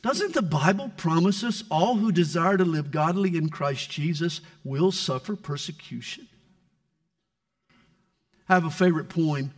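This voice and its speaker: A male preacher delivers a sermon in a higher-than-usual voice. His delivery is lively and full of rises and falls. He leans dramatically into scripture and poetry readings. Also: unhurried. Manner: dramatic, reads scripture and poetry with sweeping swings in tone. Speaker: pastor.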